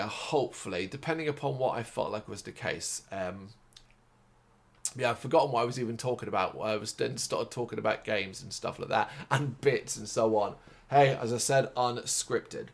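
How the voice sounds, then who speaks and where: A man from England talks off the cuff in a tired, rambling way, drifting from one tangent to the next. He swears casually, keeps losing his words and stops to pick them up again. His voice sits at an ordinary middle pitch. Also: normal speed, gravelly. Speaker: host of a music and games review site. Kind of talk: unscripted casual monologue.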